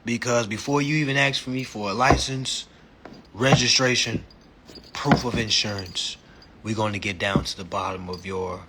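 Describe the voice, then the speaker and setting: A man's voice: sits high, background noise. Man putting on a mock-posh British gent. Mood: calm assertive. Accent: British (put on). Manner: calm, mock-formal, drawn-out politeness. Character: overly polite calm British gentleman at traffic stop.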